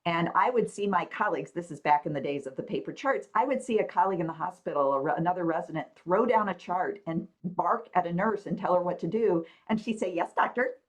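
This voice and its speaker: A woman physician on a video call panel, telling a story from her career in a reflective, measured way. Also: on the low side.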